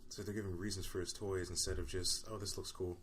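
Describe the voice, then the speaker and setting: A man co-hosting a casual podcast, talking in a relaxed, agreeable way about a film. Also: deep voice, fast, a little hiss or hum. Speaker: podcast co-host. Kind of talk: casual movie discussion.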